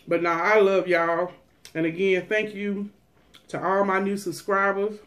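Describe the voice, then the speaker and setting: A woman's voice: mid-range voice, steady tone, normal speed. Woman food vlogger, casual and folksy, slips into preaching at her audience. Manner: folksy, preachy, calls out to viewers. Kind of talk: casual mukbang chat with preachy pep talk.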